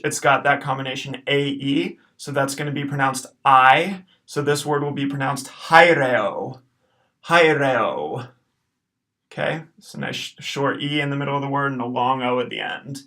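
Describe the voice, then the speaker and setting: A male teacher with a gravelly edge in his voice, giving a recorded Latin pronunciation lesson. He goes word by word, saying each one slowly and then repeating it so the learner can follow. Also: medium pitch, fairly even intonation, pushed and bright.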